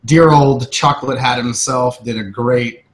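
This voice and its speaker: Texan man, mid pitch, cussing, lively podcast chat. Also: measured pace. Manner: profane, animated. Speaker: podcast co-host. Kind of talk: casual chat.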